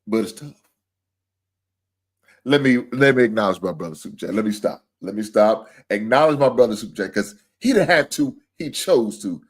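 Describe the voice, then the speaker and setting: A man's voice: lowish voice, lively intonation, moderate pace, husky. A man hosting a livestream sports show, venting with profane, heated talk about his team's loss and calling out viewers directly. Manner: addresses viewers and super chat senders directly.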